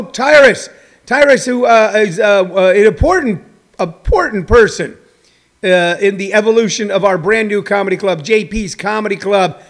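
A stand-up comedian man talks off the cuff to people watching his livestream. His voice sits high for a man, and he rambles through many fillers and restarts. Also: a bit bright. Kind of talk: casual livestream monologue to viewers.

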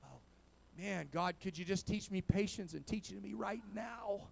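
A pastor preaches at a moderate pace, his high voice creaky with a breathy edge. He punctuates the sermon with "amen" and "praise God," alternating between quiet remarks and forceful exhortation.

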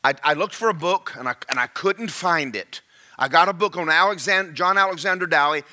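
A male pastor preaching a sermon, folksy and fervent, swinging from quiet asides to shouting. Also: on the high side, fairly quick.

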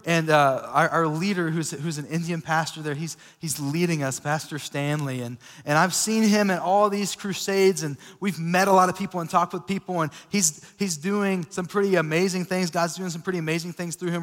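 Young male pastor, high voice, chatty energetic sermon delivery, lots of fillers, long church-hall reverb. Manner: casual, energetic storytelling with many fillers. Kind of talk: sermon, personal testimony.

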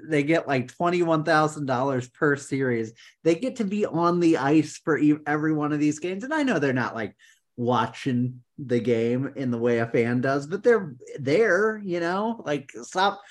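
A podcast co-host ranting about hockey in sarcastic, profane casual talk. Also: medium pitch. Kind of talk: casual sports chat.

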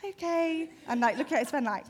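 Brief: female preacher, imaginative narration, a touch high-pitched. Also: normal speed. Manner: storytelling, vivid and imaginative. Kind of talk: sermon.

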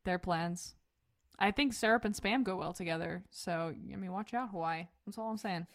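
A woman's voice: on the low side, normal speed, dry recording, studio quality. A woman hosting a podcast, chatting casually and laughing often. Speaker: podcast host. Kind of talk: casual chat.

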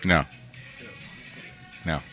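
A man in casual chat, making slow, drawn-out remarks. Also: pushed and bright, soft background music.

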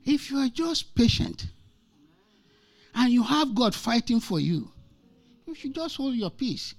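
A man in his sixties from Nigeria gives a sermon as a guest speaker, his very high voice swinging widely in pitch, a little slow, with vocal fry. He's emphatic, repeating scripture lines and recounting his own life stories.

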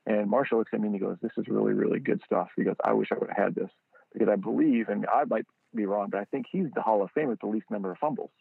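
A man, a product founder being interviewed, telling a lively story and acting out quotes with a jump in pitch. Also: fast, creaky, husky, dry recording. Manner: animated storyteller, acts out quotes in a higher voice. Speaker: guest, football training product founder. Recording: tinny phone-line audio.

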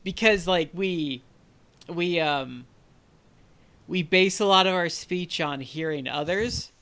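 An American man co-hosting a podcast, chatting casually, animated and self-deprecating with lots of fillers. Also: high voice, takes it slowly. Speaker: podcast co-host. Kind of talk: casual chat.

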